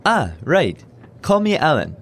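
A man's voice: fairly high pitch, heavily acted. A man voicing a friendly university professor in a scripted dialogue for a language lesson. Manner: relaxed, friendly, reads lines then slowly repeats them.

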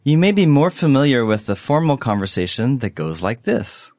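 Male co-host for an English lesson, lively and expressive, dry close recording. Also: mid-range voice, no room sound. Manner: clear, deliberate delivery of example phrases. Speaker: English teacher. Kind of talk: scripted language lesson.

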